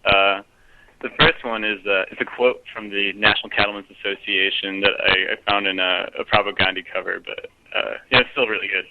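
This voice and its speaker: Over a phone line, a man leaves a casual, profane voicemail rant full of fillers and restarts. His voice is fairly low with fairly even intonation, and he talks a little fast, sounding hesitant.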